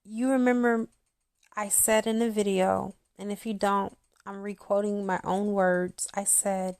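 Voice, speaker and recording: A woman's voice: mid-range voice, flat delivery, unhurried, a little mellow, clear, resonant tone, no echo, studio quality. A woman in her thirties, a spiritual channel host, talking intimately to her viewers and acting out quotes as she tells a story. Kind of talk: casual monologue to viewers.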